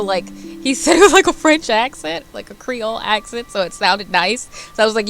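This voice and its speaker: A young woman streamer with a medium-pitched voice chats casually with her viewers, animated and giggly as she rambles from one topic to another.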